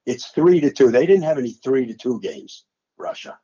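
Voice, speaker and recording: An older man recounting a game he once called, his voice rising and falling widely as he acts out his old play-by-play. His tone is somewhat husky and a little high, and the recording sounds dull and lo-fi. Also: lively intonation, moderate pace, dark tone. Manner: dramatic, re-enacts his own play-by-play calls. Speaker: sportscaster recalling a game he called. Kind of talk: animated storytelling interview.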